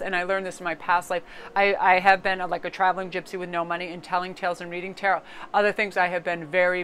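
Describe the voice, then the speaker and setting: A woman's voice: medium pitch, a little hiss or hum, low-quality recording. Chatty woman doing a tarot reading. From Connecticut. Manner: chatty, animated, swears casually, slips into joke accents. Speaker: tarot reader. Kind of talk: casual tarot card reading.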